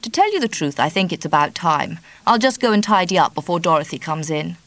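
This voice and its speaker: A smooth, self-satisfied man coaxes in a deep, charming voice, as a female narrator acts him out. He soothes and flatters, always pleased with himself. The sound is close and dry. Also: fairly quick, no echo. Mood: smug. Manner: coaxing, smug.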